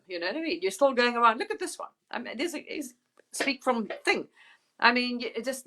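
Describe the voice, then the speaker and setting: A woman's voice: fairly high pitch, fairly bright tone. A woman hosting a casual spiritual live chat, talking emphatically and rambling a little, with mild swearing and laughter.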